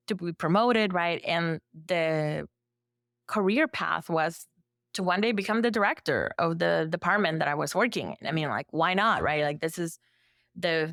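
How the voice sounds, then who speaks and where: A woman therapist from El Salvador, speaking as a podcast guest in a relaxed storytelling way, full of "like" fillers and lively acted-out quotes. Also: on the low side, no room sound, studio quality. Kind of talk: conversational storytelling.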